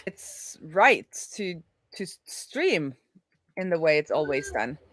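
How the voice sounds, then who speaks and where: A woman's voice: sits low, big pitch swings, takes it slowly, fairly bright tone, no room sound. A woman co-hosting a live coding stream, talking casually and thinking aloud with frequent restarts. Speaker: co-host, web developer.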